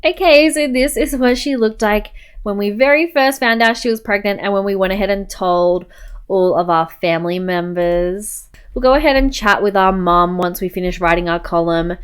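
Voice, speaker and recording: A woman's voice: mid-range voice, moderate pace, smooth. A young woman casually commenting while playing a life-sim game, chatty and playful. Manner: chatty, says "go ahead" often. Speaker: let's-play host.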